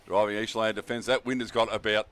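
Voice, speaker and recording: A man's voice: fairly low pitch, flat delivery, quick pace, fairly bright tone. An Australian man calling a local football match, chatty and laid-back, with fillers and asides to his co-commentators. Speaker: play-by-play commentator.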